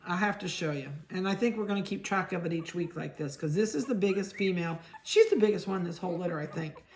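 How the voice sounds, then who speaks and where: Chatty middle-aged woman, low voice. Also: quick pace, slight background noise. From Ohio. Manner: chatty, talks softly to the puppies. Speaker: dog breeder. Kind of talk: casual narration while handling puppies.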